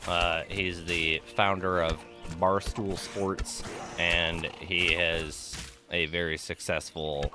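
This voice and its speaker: A man streaming a game, chatting casually and telling stories in an animated, ranting way, swearing freely. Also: low voice, slow, music in the background. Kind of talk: casual live-stream chat while gaming.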